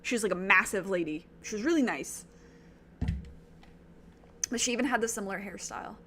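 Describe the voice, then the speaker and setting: A woman's voice: medium pitch, fairly quick, noisy background. A woman streaming a game, chatting casually and joking at her own expense. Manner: chatty, self-mocking.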